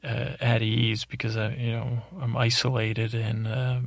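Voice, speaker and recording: A man's voice: medium pitch, completely flat delivery, measured pace, vocal fry, dry recording. A man hosting a podcast, telling a meandering bedtime story in a droning, self-interrupting way that is meant to help listeners fall asleep, close to the microphone. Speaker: podcast host. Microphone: close studio microphone.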